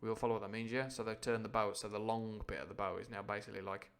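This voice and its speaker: A man's voice: lowish voice, fairly even intonation, racing, a bit bright, smooth. A man reading a classic adventure novel on a live stream, breaking off often for playful, irreverent explanations. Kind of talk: book reading with chatty asides.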